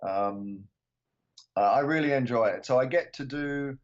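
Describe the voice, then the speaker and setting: A man's voice: medium pitch, a little slow. An older man from England, a podcast guest chatting casually with frequent ums and restarts. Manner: relaxed, hesitant with many ums. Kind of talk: casual chat. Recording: slightly muffled podcast audio.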